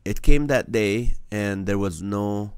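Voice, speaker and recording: Man, comedian host, earnest storyteller, low voice, dry sound. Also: slow pace, clean tone, dry recording. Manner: earnest, animated storytelling with acted-out dialogue. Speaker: comedian hosting a nightly live stream. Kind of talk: storytelling testimony to a live audience.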